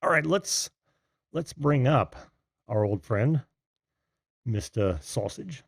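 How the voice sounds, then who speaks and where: A man's voice: mid-range voice, expressive, slow, creaky, husky, no room sound, studio quality. A man hosting a call-in show in a casual, friendly way, laughing often and talking with many fillers. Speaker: host.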